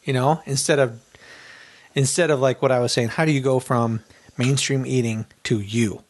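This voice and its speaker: A man co-hosting a podcast in casual chat, animated and acting out quoted thoughts, with frequent restarts. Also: mid-range voice, moderate pace. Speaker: podcast co-host.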